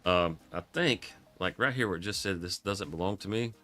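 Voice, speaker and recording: A man's voice: deep voice, normal speed, bright, forceful tone, soft background music. A man giving casual, rambling live commentary on a farming game, chuckling often, his voice froggy from coughing.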